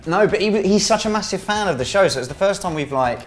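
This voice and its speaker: A man's voice: high voice, animated, fast talker, soft background music. A man guesting on a casual chat while playing a video game, easygoing and explaining things simply. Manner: easygoing, breaks into impressions. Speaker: guest impressionist.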